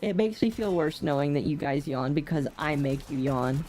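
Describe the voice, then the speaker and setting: A young adult woman chats casually on a game stream, her low, expressive voice moving at a moderate pace with a warm tone over soft background music. She sounds sleepy and yawns often, reading chat aloud with self-deprecating humor.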